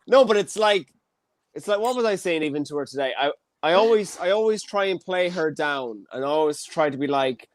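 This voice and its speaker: Host type: high-pitched Irish man, stammery and crude, close dry sound. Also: normal speed, no room sound. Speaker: podcast host. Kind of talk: casual comedy banter.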